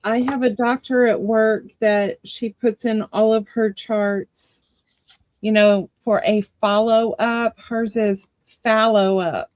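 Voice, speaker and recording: A woman's voice: a little high, level tone, slow pace, darkish tone, no room sound. A woman co-hosting a casual chat, telling a work story in an exasperated way. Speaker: co-host.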